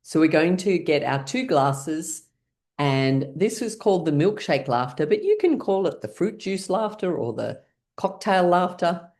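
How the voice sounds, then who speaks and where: A woman leading a guided laughter exercise class over a video call, encouraging everyone and breaking into deliberate laughs. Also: fairly low pitch, animated, a little mellow. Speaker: laughter yoga leader.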